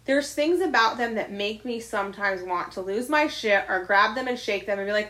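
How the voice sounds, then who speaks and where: A woman's voice: a little high, lively intonation, moderate pace, hardly any pauses, fairly bright tone. Blunt, confessional woman podcaster. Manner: blunt and confessional, swears freely. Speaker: podcast co-host. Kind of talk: candid casual chat.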